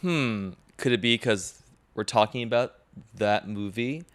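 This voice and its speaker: A man's voice: medium pitch, a little slow, fairly bright tone. Laid-back joking man co-host. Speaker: podcast co-host. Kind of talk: casual chat.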